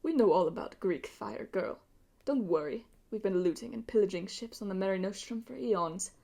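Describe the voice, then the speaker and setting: A bitter, arrogant male pirate villain with a sneering delivery that sinks into hissing whispers, put on by a woman reading a storybook aloud. He sounds resentful and full of himself. His voice sits at a middling pitch. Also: lively intonation, normal speed, vocal fry, warm tone.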